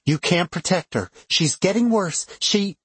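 A man voicing a frightened older woman who speaks quietly and gravely through tears. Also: high voice, animated, measured pace, dry recording, pitched above the performer's own voice, exaggerated voice. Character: frightened older woman, shaken but firm.

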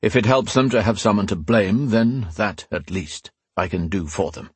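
A man voicing a powerful, weary old male ruler who speaks in a grave, measured way and sometimes growls. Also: fairly low pitch, breathy edge, no echo.

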